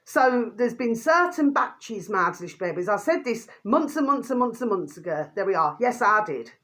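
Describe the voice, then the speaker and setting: A woman's voice: a little high, very animated, moderate pace, fairly bright tone. A woman vlogging an angry rant to her viewers, swearing mildly and calling them by a pet phrase again and again. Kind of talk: ranting monologue to camera.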